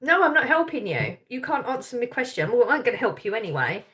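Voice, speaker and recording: A woman's voice: fairly high pitch, big pitch swings, brisk, a bit bright. A woman hosting a live chat stream, reading comments aloud and teasing people, with a lot of laughter. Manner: chatty, teasing, laughs often.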